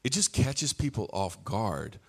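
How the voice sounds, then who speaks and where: A man preaching a sermon in a relaxed, conversational way, slipping into playful acted-out asides. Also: lowish voice, a little slow, breathy edge.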